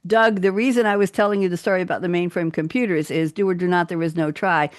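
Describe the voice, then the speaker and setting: A woman's voice: lowish voice, fairly even intonation, quick pace, no room sound. An older woman at the helm of a talk show, rambling happily through her stories and teasing her guests. Her voice is close and dry, with no room sound around it. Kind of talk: casual roundtable chat.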